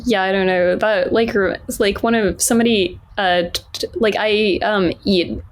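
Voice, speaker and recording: Young female podcast host and comic, middle-pitched voice, halting and full of "like". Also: fairly even intonation, a little hiss or hum. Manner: hesitant, heavy use of "like". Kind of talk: casual interview chat.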